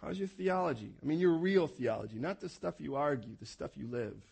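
A man preaching a passionate sermon as a pastor, swinging from loud urgent calls to quiet, soft prayer. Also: on the high side, animated, a little fast, vocal fry, slightly rough.

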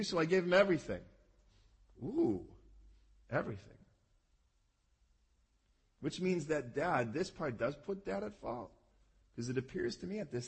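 A male pastor delivering a sermon, telling a story animatedly, acting out the characters and shouting their pleading lines. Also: on the high side, husky. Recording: long reverb of a large hall.

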